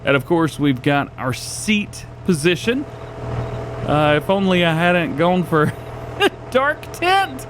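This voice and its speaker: A man's voice: sits high, big pitch swings, takes it slowly, noisy background. A man hosting a gaming channel, giving chatty gameplay commentary and laughing often, while he is losing his voice.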